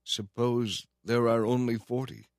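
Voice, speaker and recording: A man's voice: medium pitch, little pitch movement, unhurried, no room sound, studio quality, voice pushed up, close to an everyday voice. A man reading as humble pleading Abraham. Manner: pleading, careful.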